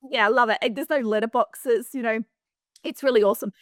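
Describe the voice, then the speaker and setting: A middle-aged woman from Western Australia with an Australian accent, a property manager chatting as a podcast guest, animated and full of fillers and restarts. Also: fairly high pitch, quick pace, dry recording, clean studio sound. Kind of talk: casual interview storytelling.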